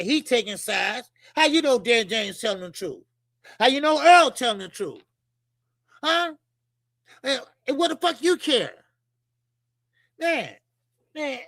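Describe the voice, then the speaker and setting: Middle-aged guy ranting about boxing on his stream, cussing, repeating himself, bright punchy voice, dry close sound. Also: very high-pitched, creaky, no echo. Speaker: boxing channel host. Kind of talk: live-stream commentary, reading chat.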